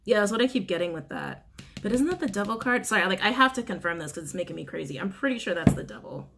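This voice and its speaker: A woman giving a casual, animated tarot reading to camera, often breaking into giggles and swearing freely. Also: mid-range voice, fast, creaky, noisy background. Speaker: tarot reader.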